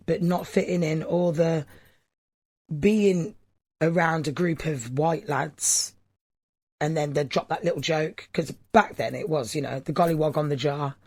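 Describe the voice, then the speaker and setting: A man's voice: a little high, measured pace, a little mellow, no echo, studio quality. A man being interviewed for a documentary, recalling his school years thoughtfully as he searches for words.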